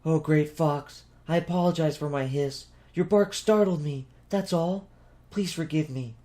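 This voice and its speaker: Casting: male reader as a proper, grave cat lady, raised pitch, measured formal speech. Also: mellow, lightly acted. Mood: pleading. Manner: formal, stately wording. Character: formal, solemn female cat creature.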